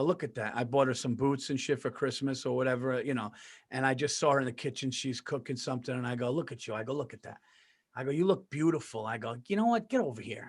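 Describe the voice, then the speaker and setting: A man co-hosting a podcast and telling a story in casual talk, animated and profane, swearing oaths and acting out the people in it. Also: mid-range voice. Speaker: podcast co-host.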